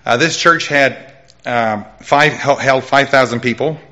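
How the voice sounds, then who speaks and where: Man preaching his testimony, lo-fi. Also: measured pace. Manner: animated storytelling with sudden pitch jumps; loud voice. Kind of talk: testimony sermon.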